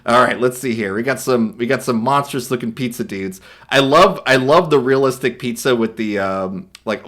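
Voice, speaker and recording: Young male streamer, bright tone, lively swooping delivery, reads captions aloud with playful voices and frequent laughter. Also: medium pitch. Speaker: streamer reading viewer art aloud. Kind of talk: casual reaction commentary.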